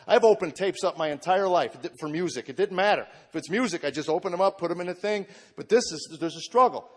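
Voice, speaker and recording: A man in his forties telling a heartfelt personal story to a live audience, acting out what others said to him. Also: on the high side. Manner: earnest storytelling, acts out quoted voices. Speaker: comedian giving testimony. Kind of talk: spoken testimony to a live audience. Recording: long hall reverb.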